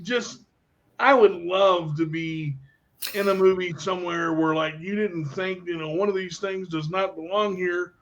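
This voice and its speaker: A man's voice: high-pitched, steady tone, moderate pace, a bit bright. A man hosting a casual radio chat, jokey and rambling, slipping into silly impressions. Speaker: podcast host. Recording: dull lo-fi audio.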